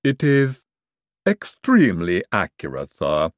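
A man voicing a calm, polite male servant who answers in a measured, deferential way. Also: low voice, no room sound, clean studio sound, exaggerated voice.

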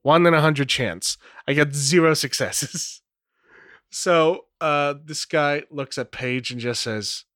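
A man's voice: a little high, takes it slowly, fairly bright tone, no room sound, studio quality. A man running and narrating a solo tabletop role-play game, rambling with many fillers. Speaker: game master and player.

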